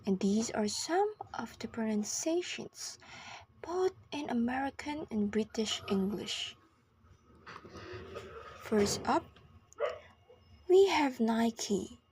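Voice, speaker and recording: A woman giving a scripted pronunciation lesson, speaking slowly and carefully, often half-whispered. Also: fairly high pitch, expressive, darkish tone, slight background noise. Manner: slow, careful enunciation with long pauses. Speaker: pronunciation teacher.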